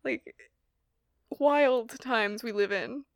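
A woman's voice: on the high side, lively intonation, very slow, no room sound. Chatty young woman with a dry close sound. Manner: chatty, rambling, laughs often, many fillers. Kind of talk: casual chat.

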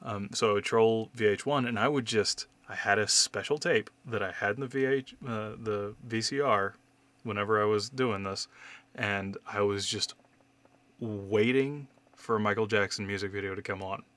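Brief: man in his thirties, bright, forward voice sitting a little low, candid storyteller who swears a lot. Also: moderate pace. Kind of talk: casual conversation.

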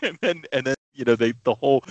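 Excitable halting male podcast host. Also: medium pitch, no echo, lo-fi sound. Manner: excited, halting, many restarts and fillers. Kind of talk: casual chat.

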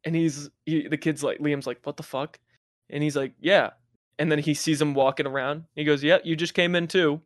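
A man's voice: a little high, moderate pace, no echo, studio quality. Young man telling a wild story. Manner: profane, laughing, animated anecdote telling. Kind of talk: casual storytelling chat.

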